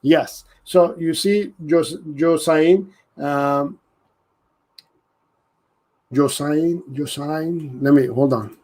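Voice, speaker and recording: Man, slow unhurried delivery, earnest, restarts sentences, live stream host. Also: on the high side, darkish tone. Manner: earnest, repeats and restarts, reads out viewer comments. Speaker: dog trainer hosting a live Q&A.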